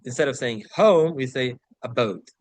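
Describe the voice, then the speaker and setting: A man teaching an English vocabulary lesson, who explains words, reads example sentences aloud slowly and keeps checking in with "right?". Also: medium pitch, no echo. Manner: slows to read example sentences and passages aloud.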